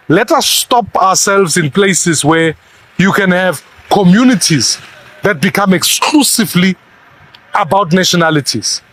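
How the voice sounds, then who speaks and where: Man, high voice, emphatic commentator on a news panel, argumentative delivery. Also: a bit bright.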